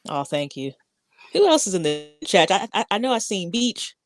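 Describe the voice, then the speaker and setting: A woman's voice: mid-range voice, very animated, moderate pace, soft background music. A woman who runs a podcast, chatting and giggling as a guest on a live stream. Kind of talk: casual live chat.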